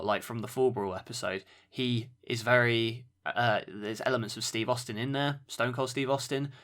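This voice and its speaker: A man's voice: mid-range voice, fairly bright tone. A man hosting a wrestling podcast, giving dry play-by-play with sarcastic asides. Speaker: podcast host. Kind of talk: wrestling match review commentary.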